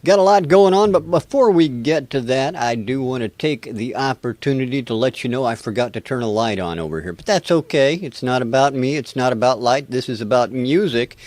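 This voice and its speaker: A man's voice: mid-range voice, fairly quick, hardly any pauses, a little mellow, dry recording. An American man hosting a live music review webcast, chatty and rambling with a self-deprecating touch. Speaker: show host.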